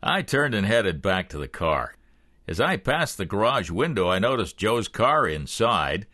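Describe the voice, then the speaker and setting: A man narrating a thriller audiobook in the first person with expressive storytelling. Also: on the low side, measured pace, no room sound, clean studio sound.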